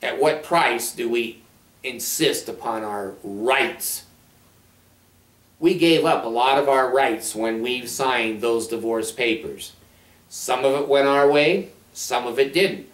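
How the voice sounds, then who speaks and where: A man's voice: medium pitch, slow. A man counselor talking to camera in a casual monologue, blunt, sardonic and rambling. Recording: roomy sound from a distant mic.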